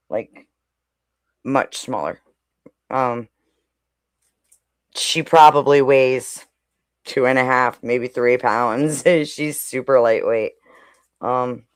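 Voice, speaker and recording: A woman's voice: very deep voice, clean tone, dry recording, studio quality. A woman in casual chat on a stream, chatty and stopping to coo at her pets. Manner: chatty, coos and talks to her pets while speaking. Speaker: co-host.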